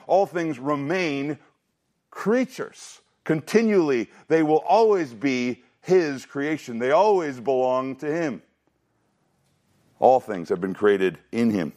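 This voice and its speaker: Male pastor, mid-pitched voice, emphatic sermon delivery, fast asides and slow stressed lines. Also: darkish tone. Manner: emphatic, shifting between quick asides and slow stressed phrases; repeats and restarts phrases for emphasis. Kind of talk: expository sermon.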